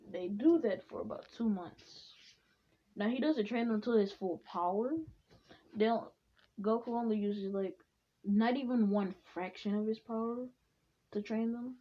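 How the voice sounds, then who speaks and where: A woman casually spinning a fan story in a rambling way, with many restarts and quick switches into the characters' voices. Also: medium pitch, expressive, dull audio. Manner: rambling, full of fillers and restarts, jumping between voices.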